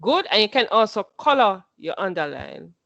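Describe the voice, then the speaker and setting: A woman's voice: mid-range voice, sing-song, moderate pace, creaky, a bit bright, no echo, highs cut off. A woman teaching a class, patient, who repeats her instructions and quizzes her students as she goes.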